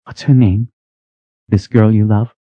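A man voicing a coaxing, jealous young woman in an audiobook, with a breathy, raised voice. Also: fairly low pitch, fairly even intonation, unhurried, no room sound, dull audio, voice pushed up, natural voice. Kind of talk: audiobook character voice.

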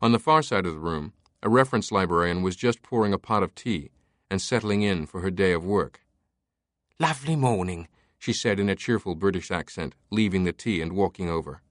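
A man narrating an audiobook in a measured, even way. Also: low-pitched, no echo, studio quality. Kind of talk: scripted narration.

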